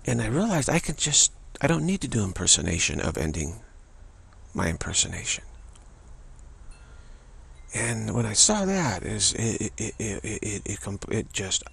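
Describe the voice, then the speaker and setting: Very husky, gravelly-voiced man musing. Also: lowish voice, big pitch swings, a bit bright. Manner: halting, repeats words and restarts often. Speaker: spiritual teacher. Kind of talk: reflective spiritual monologue.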